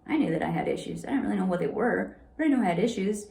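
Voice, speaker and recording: A young adult woman talking through a personal experience in an unscripted monologue, rambling and halting, with constant "like" fillers. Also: medium pitch, expressive, creaky, dark tone, reverberant. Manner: rambling, heavy use of "like", halting restarts. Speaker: vlogger sharing personal experience.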